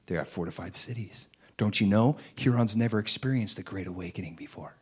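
Animated man preaching. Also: lowish voice, fairly quick, slightly rough. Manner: animated preaching, reading scripture aloud, rising to loud emphasis. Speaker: pastor. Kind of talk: sermon.

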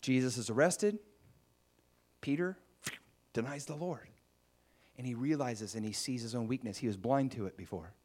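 A man's voice: mid-range voice, moderate pace, pauses often, darkish tone. A man preaching a sermon in a conversational storytelling way, acting out the scenes he tells.

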